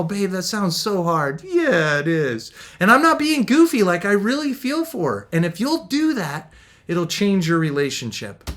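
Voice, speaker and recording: A middle-aged man coaching couples on faith and marriage, his voice riding notably high for a man. He talks with bouncy, upbeat energy and slips into quick little voices for the people he quotes. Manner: energetic and upbeat, laughs often. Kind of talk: motivational talk.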